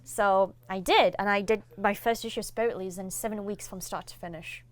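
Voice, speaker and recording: A woman's voice: medium pitch, fairly quick, dry recording. A young woman, a comic artist chatting as an interview guest and acting out the people in her stories. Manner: animated storyteller, acts out quoted dialogue. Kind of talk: casual interview chat.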